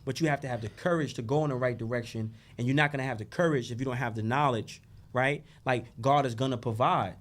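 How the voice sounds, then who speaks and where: A man as a podcast guest, telling stories and preaching about faith in a loud, animated, profane way. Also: mid-range voice, quick pace. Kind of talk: casual podcast conversation.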